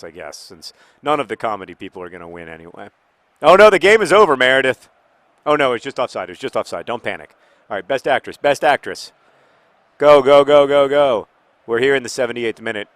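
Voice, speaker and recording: A man in his thirties hosting casual, rambling chat over live gameplay, with restarts and sudden excited outbursts at the game. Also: fairly low pitch, dry recording. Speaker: host.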